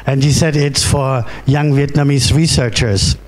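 A middle-aged man from Germany with a German accent gives a conference keynote, halting with fillers and restarts and often asking "right?". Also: medium pitch, steady tone. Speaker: keynote speaker. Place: conference hall.

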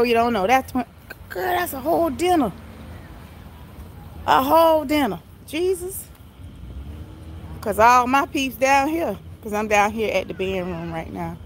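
A woman live-streaming a vlog on her phone while walking around a busy outdoor tailgate, chatting playfully with viewers and greeting them by name. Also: mid-range voice. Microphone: phone held while walking. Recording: phone recording with outdoor background noise.

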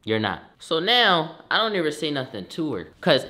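A young adult man telling a storytime vlog in a slangy, profane, animated way with sudden loud bursts. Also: on the high side, moderate pace. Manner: profane, conversational. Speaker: storytime vlogger.

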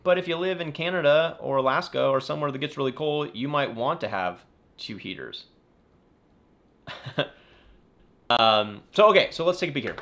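A man's voice: on the high side, lively intonation, moderate pace, gravelly, pauses often, fairly bright tone. A man hosting a casual live-stream Q&A as an aquarium YouTuber, chatty and rambling, often correcting himself and apologizing. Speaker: aquarium YouTuber answering viewer questions. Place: home in the California desert.

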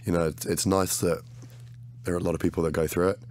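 An English man, a podcast guest, chatting casually in a raspy, hoarse voice. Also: deep voice, level tone, quick pace, darkish tone. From England. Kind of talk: casual chat.

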